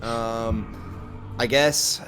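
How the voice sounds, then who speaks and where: A man's voice: medium pitch, drawn-out words, creaky, music in the background. A young man player, hesitant and trailing off as he ends his turn. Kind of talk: casual chat while playing.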